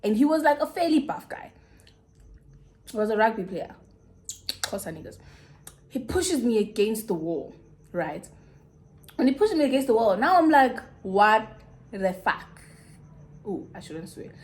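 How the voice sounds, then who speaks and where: A young woman with a South African accent, telling a personal story in a casual, animated way with big swings in pitch. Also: moderate pace, long pauses. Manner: animated, dramatic retelling with swooping pitch. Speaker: YouTuber.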